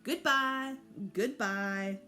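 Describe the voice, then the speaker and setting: A woman's voice: mid-range voice, very animated, unhurried, a bit bright, faint music behind. A woman voicing a small mischievous boy in a storybook read-aloud, sing-song and cutesy.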